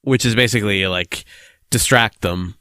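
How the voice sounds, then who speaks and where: Man, podcast co-host, casual chat, swearing, laughing, rambling, lowish voice. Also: normal speed, pushed and bright, smooth, no echo, clean studio sound. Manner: profane, laughing, rambling recaps.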